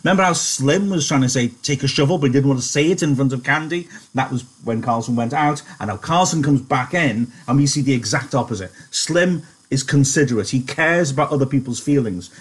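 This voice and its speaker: A man's voice: medium pitch, fairly quick, slightly rough. A man teaching an English class online, chatty and encouraging, reading from a novel. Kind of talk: online lesson and reading aloud.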